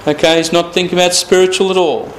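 Guy teaching bible verse by verse, kinda high voice, leans hard on words, asks the listener questions. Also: steady tone, fast talker, slight background noise, low-quality recording. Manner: emphatic, stresses key words, reads scripture aloud; repeats phrases, asks rhetorical questions.

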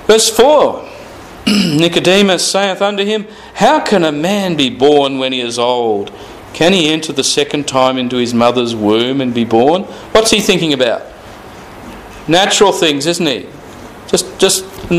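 A man's voice: on the high side, slight background noise, poor audio. A man teaching through the Bible verse by verse, reading scripture aloud and stressing key words with rhetorical questions. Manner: repeats phrases, asks rhetorical questions.

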